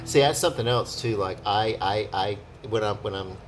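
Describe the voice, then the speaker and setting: Rambling man over loud guitar. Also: lowish voice, normal speed. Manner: rambling, self-deprecating. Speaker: musician vlogger. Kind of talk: casual chat. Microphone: no separate microphone. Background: acoustic guitar playing.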